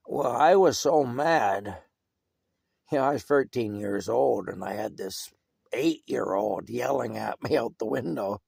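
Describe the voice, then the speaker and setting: An older man with a gravelly, fry-laced voice spins a rambling childhood story, chuckling now and then. His pitch sits in a middle range for a man. The sound is dry and close, with no room around it. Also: dry recording. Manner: rambling, chuckling, filler-heavy. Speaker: vlogger. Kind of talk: casual storytelling monologue.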